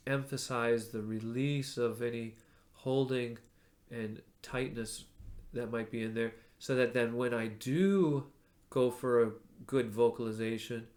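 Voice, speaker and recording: A man's voice: medium pitch, fairly even intonation, a little slow. A male voice teacher, stuffed up from allergies, explaining technique and breaking off to demonstrate vocal sounds. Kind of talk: spoken voice lesson with sung demonstrations.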